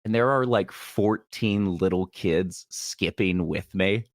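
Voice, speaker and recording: Animated young man, lowish dry voice. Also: slow pace, no echo. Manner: animated, laughs often, acts out quoted people. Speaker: guest, comedian. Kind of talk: casual interview storytelling.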